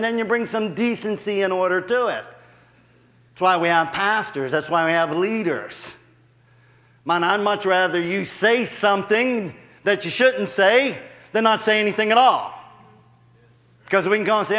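A man preaching a sermon in a church, animated, building in volume and laughing at himself as he goes. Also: sits high, big-room sound. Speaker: guest preacher. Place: church sanctuary.

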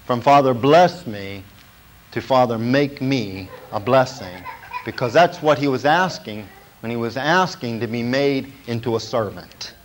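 A man's voice: mid-range voice, measured pace, a little hiss or hum, poor audio. A man preaching a sermon as pastor, emphatic and repetitive, often checking in with the congregation.

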